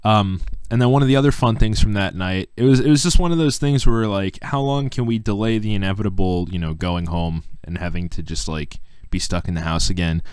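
Young man, podcast host, low voice, dry sound, casual rambling storytelling, video call. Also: a little fast, darkish tone, clear, resonant tone, no room sound. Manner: rambling, laughing, heavy use of "like".

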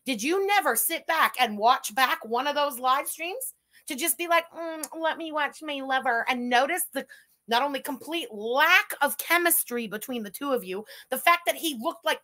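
Bright, sarcastic woman streamer. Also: sits high, lively intonation. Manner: sarcastic, mocking, fast retorts. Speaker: reaction streamer host. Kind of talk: live reaction commentary.

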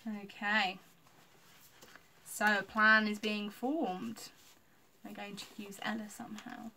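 A woman reading a children's story aloud, lively and expressive. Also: mid-range voice, slow, far from the mic.

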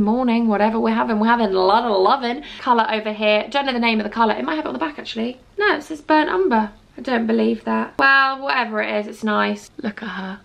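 A woman's voice: on the high side, creaky, a bit bright. A woman in her twenties chatting playfully and teasing herself while doing her makeup. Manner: chatty, playful and self-mocking. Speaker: beauty vlogger. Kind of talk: casual get-ready-with-me chat.

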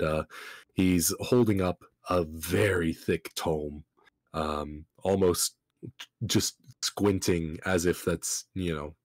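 A man's voice: deep voice, dry recording. A man narrating as game master in a tabletop fantasy game, describing scenes at a leisurely pace with many ums and uhs.

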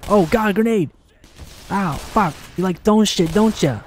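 A man giving excitable let's play commentary, swearing often and taunting his enemies as he plays. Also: sits high, normal speed, a little hiss or hum. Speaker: gaming channel host.

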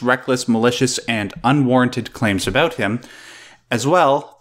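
A man's voice: medium pitch, a bit bright. A man hosting an online news talk show, chatting with laughs and reading news items aloud over a call mic. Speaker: show host.

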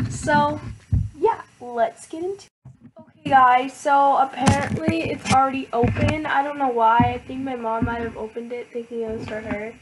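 A teenage girl vlogging an unboxing, hyper and excitable, with lots of filler words. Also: high-pitched, noisy background. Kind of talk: casual unboxing vlog.

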